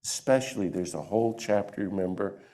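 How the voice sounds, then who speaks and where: A man giving a lively talk to a church audience into a microphone, acting out the voices he quotes. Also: deep voice, fairly quick. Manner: animated, acts out quoted voices. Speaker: guest speaker.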